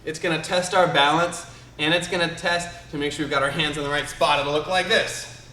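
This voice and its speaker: A man's voice: fairly high pitch, fairly even intonation, a little fast, pushed and bright, slight background noise. A man teaching a live online karate class for kids, upbeat and encouraging as he calls out counts and commands, filmed in a martial arts studio by a camera a few steps away. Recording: roomy studio echo.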